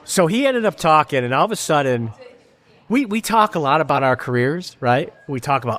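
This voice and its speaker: A man's voice: a little high, big pitch swings, a little fast, fairly bright tone. An older man from Rochester, New York, with a Western New York accent, hosting a live podcast in a bar and telling long, rambling stories full of swearing. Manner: rambling storyteller, heavy swearing, restarts. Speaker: podcast host. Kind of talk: profane live podcast banter. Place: neighborhood bar.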